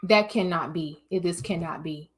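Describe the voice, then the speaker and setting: A woman plays a despairing young man who sees his future falling apart. His voice sits low and subdued as he mutters in fear and defeat. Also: unhurried, faint music behind, close to an everyday voice. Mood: fearful.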